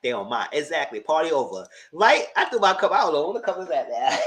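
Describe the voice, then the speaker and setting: A man's voice: fairly high pitch, big pitch swings, fast, few pauses, pushed and bright, a little hiss or hum. A man giving a casual live review of a reality TV show, retelling scenes with exasperation and cursing.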